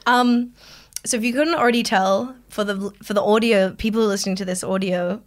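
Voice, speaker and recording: A young woman co-hosting a podcast, telling an animated story with acted-out voices and frequent laughter. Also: mid-range voice, fairly quick. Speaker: podcast co-host. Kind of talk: casual chat.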